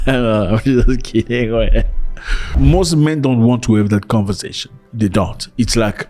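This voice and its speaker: A man from Africa giving reaction commentary in an animated, joking way, his voice leaping high for emphasis. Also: slow, soft background music.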